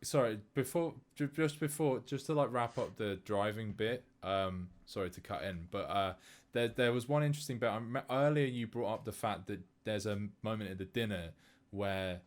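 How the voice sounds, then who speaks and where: Lowish-voiced man chatting about films. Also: moderate pace. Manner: animated, many fillers and restarts. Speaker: podcast co-host. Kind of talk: casual film discussion.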